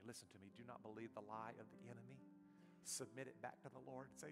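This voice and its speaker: A male pastor preaching a sermon, surging loud with passion and then dropping to a soft hush. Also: medium pitch, fairly even intonation, fast talker, vocal fry. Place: church sanctuary. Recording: reverberant church hall with soft guitar.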